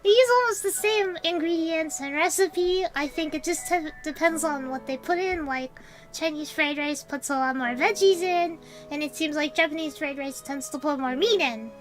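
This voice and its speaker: A woman's voice: sits high, moderate pace, soft background music, rough recording. A woman VTuber chatting casually on a livestream, rambling and giggling as she answers her chat. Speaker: VTuber streamer.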